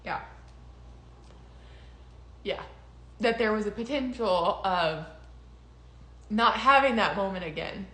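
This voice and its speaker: A woman's voice: medium pitch, slow, long pauses, fairly bright tone, echoey room. A young woman in casual conversation, telling a personal story with lots of laughter and quoted voices. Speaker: podcast co-host.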